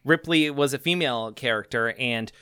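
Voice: mid-range voice, moderate pace, bright, forceful tone, clean tone, no room sound, studio quality. A podcast co-host in casual chat, hesitant, with many fillers and restarts.

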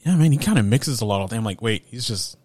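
A man's voice: lowish voice, expressive, fast, darkish tone, no room sound, studio quality. A man co-hosting a casual film podcast, laid-back and chuckling, often trailing off mid-sentence. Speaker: podcast co-host.

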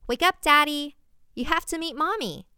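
Brief: woman voicing creepy sweet little girl, eager and childlike, high voice. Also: lively intonation, moderate pace, clean tone, no room sound, studio quality. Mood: upset.

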